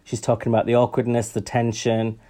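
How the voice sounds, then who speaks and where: A man's voice: mid-range voice, monotone, a little fast, mellow. A man co-hosting a podcast in casual chat, wry and chatty with frequent ums. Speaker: podcast co-host.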